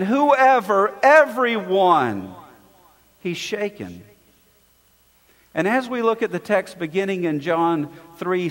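Man preaching, high voice, slow and deliberate, emphatic repetition, church hall reverb. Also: a bit bright. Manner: emphatic, repeats key words with dramatic pauses. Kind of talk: sermon.

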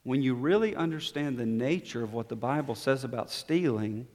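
A man preaching a sermon as pastor, swinging between quiet, low-spoken passages and emphatic, raised declarations. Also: normal speed. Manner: dynamic preaching, dropping to soft low tones and rising to emphatic. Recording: long reverb of a hall.

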